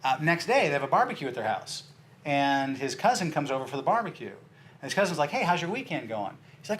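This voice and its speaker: Animated man acting out a sales story. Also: a little high, a little fast. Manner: animated storyteller, acts out dialogue with big jumps in voice. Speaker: sales trainer. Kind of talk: training talk with acted-out story.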